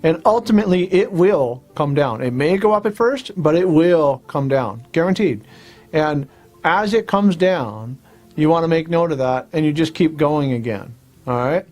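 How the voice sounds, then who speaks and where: A man hosting a self-help lesson, talking viewers through tapping points and repeating short affirmation phrases in a relaxed, plain-spoken way. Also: on the high side, moderate pace. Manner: repetitive instructional talk with affirmation phrases. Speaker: host and tapping practitioner.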